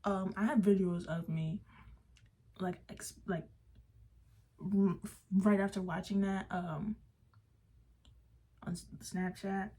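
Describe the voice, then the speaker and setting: Give me a young woman ranting slowly, husky, swearing and laughing between phrases. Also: mid-range voice, fairly even intonation, warm tone. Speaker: vlogger. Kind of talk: casual rant. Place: parked car.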